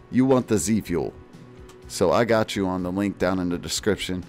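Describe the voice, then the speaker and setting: A man's voice: deep voice, normal speed, darkish tone, faint music behind. A man doing parody streamer commentary over gameplay, boastful and mock-serious, full of jokey slang. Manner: jokey slang-filled patter. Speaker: gaming video creator.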